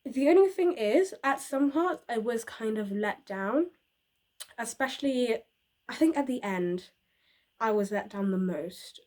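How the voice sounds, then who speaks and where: A woman's voice: medium pitch, a little mellow. A young woman chatting casually about books for her channel, rambling with fillers and little laughs. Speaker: book reviewer. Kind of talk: casual book review vlog.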